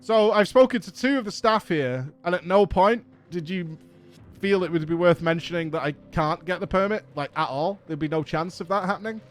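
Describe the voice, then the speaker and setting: A high-pitched English man, talking at normal speed, spins a casual story as a streamer host. Exasperated and cursing, he plays out every exchange of the anecdote himself.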